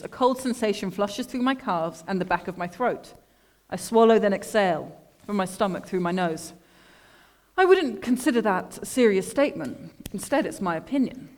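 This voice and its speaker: Woman artist reading her own writing into a mic, dry deadpan tone, steady and measured. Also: medium pitch. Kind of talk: literary reading to an audience. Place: lecture room at an art school. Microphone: microphone.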